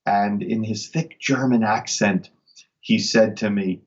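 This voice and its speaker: A man's voice: fairly low pitch, fairly even intonation, slow, muffled recording. A man from Long Island, a magician, chatting enthusiastically as an interview guest. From Long Island, New York. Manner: enthusiastic, upbeat storyteller. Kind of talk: casual interview chat.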